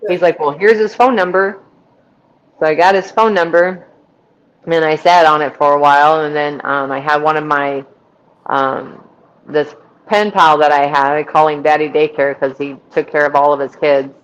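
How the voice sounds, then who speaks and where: A middle-aged Missouri woman with a deep voice, speaking at normal speed, appears as a podcast guest to share her testimony as a story. She retells it in a lively way, acting out the voices of the people she quotes, and the audio sounds dull.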